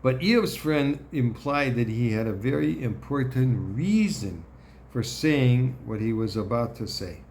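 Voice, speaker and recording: Man, Torah teacher, slow deliberate delivery, gravelly voice, frequent throat clearing. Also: medium pitch, expressive, darkish tone, a little hiss or hum. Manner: deliberate, clears throat often, checks in with "okay?". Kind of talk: Torah lesson explanation.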